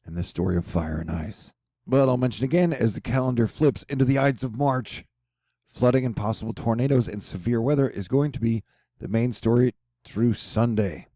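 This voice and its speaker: Mellow-voiced man rambling through a weather forecast. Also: medium pitch, moderate pace, no echo, clean studio sound. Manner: rambling, jokey, offhand with slang asides. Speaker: weather channel host. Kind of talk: casual weather forecast talk over a map.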